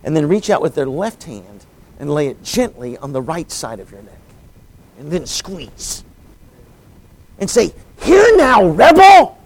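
Man preaching a booming storytelling sermon. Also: sing-song, normal speed, a little hiss or hum, poor audio. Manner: storytelling, swings from quiet asides to booming shouts. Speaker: evangelist preacher.

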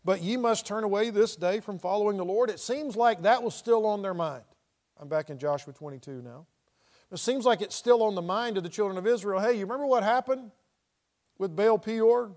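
A man with a notably high voice teaches through a Bible passage verse by verse. He reads the old scripture aloud. Then he restates it in casual, conversational words. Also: expressive, a little fast, a little mellow. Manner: reads scripture aloud and paraphrases it in everyday speech. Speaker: preacher.

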